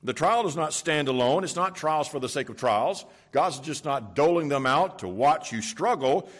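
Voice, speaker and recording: A man's voice: fairly high pitch, lively intonation, moderate pace. A man preaching a sermon in a conversational, storytelling way, stressing points by repeating them. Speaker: pastor.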